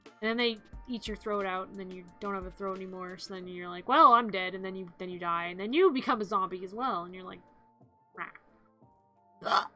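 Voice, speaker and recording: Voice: mid-range voice, brisk, pushed and bright, faint music behind. A streamer chatting casually on a live stream, in a playful, giggly way, acting out zombie growls and screams.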